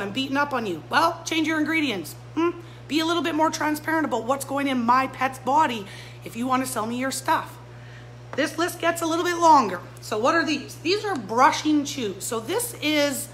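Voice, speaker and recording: A woman's voice: sits high, bright, forceful tone, a little hiss or hum, poor audio. A woman who runs a pet store, giving a fired-up live-stream talk straight to her viewers. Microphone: phone or camera mic.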